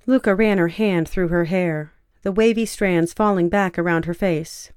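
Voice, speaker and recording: A woman narrating a fiction story in a measured, even storytelling way. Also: fairly low pitch, clear, resonant tone, dry recording, clean studio sound.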